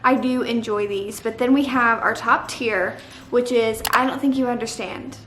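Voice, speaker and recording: A woman's voice: on the high side, steady tone, normal speed, fairly bright tone, faint music behind. A young woman vlogger chatting casually about books, opinionated and dramatic, with playful emphasis. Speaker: book vlogger. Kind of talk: casual chat. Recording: echoey room with faint noise.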